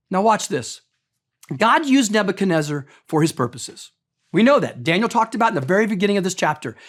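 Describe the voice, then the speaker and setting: A male pastor preaching a sermon in a conversational, emphatic way, often putting direct questions to the congregation. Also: sits high.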